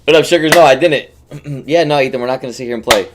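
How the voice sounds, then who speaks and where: A man's voice: medium pitch, quick pace, background noise. A young man streaming and coaching a game, chatting casually with his viewers, rambling and joking as he greets them by name. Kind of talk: casual livestream chat.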